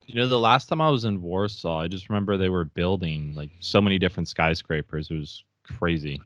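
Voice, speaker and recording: A man's voice: low voice, fairly quick, a bit bright, dry recording, dull audio. A man co-hosting a casual podcast, laid-back and brief. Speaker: podcast co-host.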